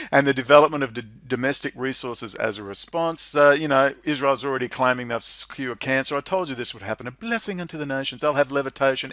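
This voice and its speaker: A man's voice: mid-range voice, no echo. Middle-aged Australian male commentator, sarcastic and scornful, dry close recording. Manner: sarcastic, mocking, swings into loud incredulous laughter. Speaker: political commentator. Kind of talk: monologue reading and commenting on legislation.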